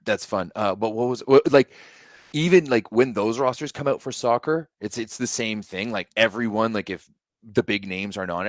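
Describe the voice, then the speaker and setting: A man's voice: lowish voice, normal speed, no room sound, clean studio sound. Rambling joking male podcast co-host. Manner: rambling, restarts often, joking and profane. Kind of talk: casual sports podcast chat.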